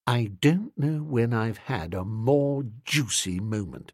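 Expressive male audiobook narrator. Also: mid-range voice, slow, hardly any pauses, no echo, clean studio sound. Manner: expressive, comic storytelling. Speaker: audiobook reader. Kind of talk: scripted first-person narration.

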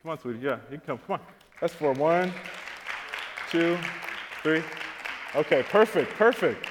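A man preaching a sermon to his congregation, telling comic stories and acting out scenes, swinging from loud to quiet. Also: fairly high pitch, lively intonation, unhurried, big-room sound, crowd noise, background noise. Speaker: pastor. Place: church auditorium, on stage.

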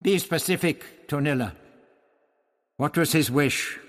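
A man's voice: a little high, slow pace, long reverb tail, pitched above the performer's own voice. A man voicing a firm, defiant woman. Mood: probing. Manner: firm, commanding. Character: fierce resolute woman history teacher.

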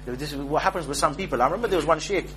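A man's voice: a little high, racing, a bit bright, a little hiss or hum. A man giving an informal religious lecture, conversational and joking, often checking in with his listeners. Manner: conversational, joking, keeps asking "yeah?". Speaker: Islamic preacher.

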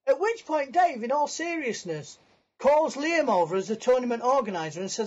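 A man's voice: extremely high pitch, animated, brisk, husky. A man, a podcast guest on a video call, telling a long anecdote in a chatty, self-mocking way and laughing through his story. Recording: muffled lo-fi call audio.

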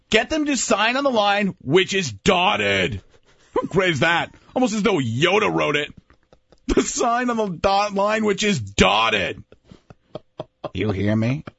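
A man impersonating a gruff older football announcer who rambles through a sales speech, stumbling over the lines. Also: sits high, a bit bright, no echo, muffled recording, voice pushed up, heavily acted.

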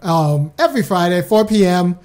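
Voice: medium pitch, lively intonation, normal speed, a little mellow. Chatty live-stream talk show host. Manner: chatty and loose, restarts often, speaks straight to viewers.

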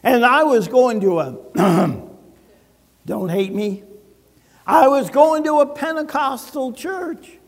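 Slow, high-voiced older man preaching. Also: lively intonation, long reverb tail. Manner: storytelling with humor and dramatic pauses. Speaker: pastor. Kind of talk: sermon.

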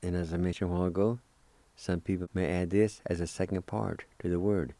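A man hosting a radio language lesson, spelling words letter by letter and repeating each pronunciation slowly. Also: deep voice, flat delivery, dark tone, no room sound. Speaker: radio host teaching Cherokee words.

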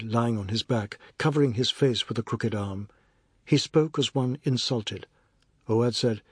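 A man reading a novel aloud as narrator, in a measured, even storytelling manner. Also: mid-range voice, breathy edge, dry recording, studio quality. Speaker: audiobook narrator. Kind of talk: scripted narration.

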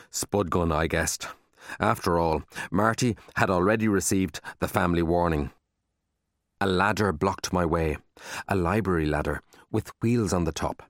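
A man narrating a children's book aloud in a lively, expressive storytelling manner, close to the mic. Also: deep voice, no echo. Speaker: audiobook narrator.

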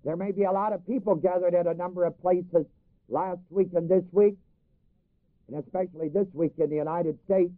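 A man's voice: high voice, steady tone, moderate pace, dry recording. A man preaching a sermon, reading scripture in old-fashioned wording, repeating phrases for emphasis and having the congregation finish his lines. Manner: reads scripture in old King James wording, then explains it to the congregation. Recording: dry, phone-like recording.

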